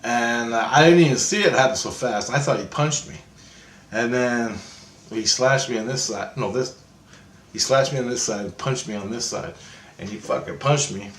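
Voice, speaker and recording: A man's voice: medium pitch, normal speed, echoey room, a little hiss or hum. A man telling a long story in a casual, rambling monologue, swearing often and correcting himself as he goes. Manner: rambling, profane, animated retelling with self-corrections. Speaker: vlogger.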